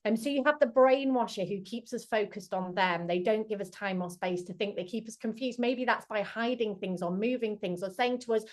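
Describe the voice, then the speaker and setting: A woman's voice: mid-range voice, fairly quick, few pauses. A woman, a charity chief executive, giving an earnest talk over a video call, acting out quoted dialogue as she goes. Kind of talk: talk on domestic abuse. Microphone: computer mic on a video call.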